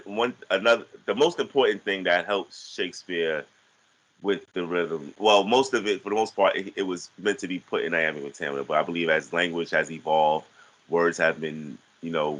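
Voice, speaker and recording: A man talking casually about teaching verse, halting with frequent restarts and repeated words. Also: low-pitched, fairly bright tone, poor audio. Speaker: guest teaching artist. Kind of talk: casual conversational teaching talk.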